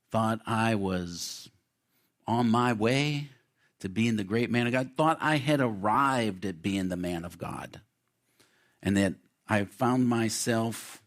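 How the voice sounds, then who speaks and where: Pastor guy preaching, lowish voice, earnest, keeps repeating himself as he tells his story. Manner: earnest, repetitive storytelling with personal testimony. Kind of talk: sermon. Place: church sanctuary.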